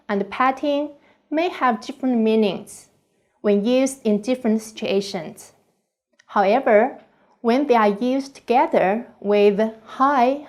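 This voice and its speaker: Woman lecturer, slightly high voice, reads her course script slowly with careful pauses. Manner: slow, deliberate reading with careful pauses.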